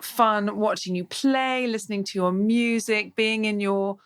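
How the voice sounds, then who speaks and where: A woman's voice: medium pitch, fairly even intonation, unhurried, clear, resonant tone. A woman hosting a podcast interview, asking questions in an encouraging way. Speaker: podcast host.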